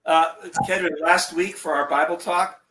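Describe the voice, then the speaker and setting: A man's voice: a little high, steady tone, normal speed, a bit bright, a little hiss or hum, low-quality recording. A man co-hosting a Bible class in casual, friendly chat.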